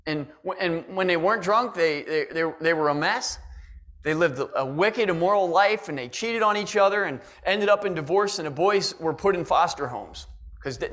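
A man preaching a sermon in church, his voice pitched fairly high for a man. He is middle-aged and talks fervently, checking in with his listeners again and again. He speaks as a pastor addressing his congregation. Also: lively intonation, normal speed, fairly bright tone. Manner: impassioned preaching with repeated "all right?" and "listen".

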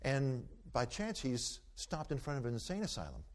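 Male speaker of middle pitch, folksy storyteller with a preacherly, rhetorical push; takes questions from the floor. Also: huge pitch swings, moderate pace. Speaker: speaker taking audience questions.

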